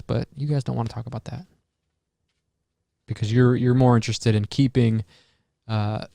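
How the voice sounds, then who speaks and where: A man talking through a casual solo podcast monologue in a mellow, warm voice. He rambles and muses, drops casual swearing and trails off into fillers and restarts. The sound is dry and close, with little room. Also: medium pitch, gravelly, no room sound. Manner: rambling, musing, swears freely. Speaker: podcast host.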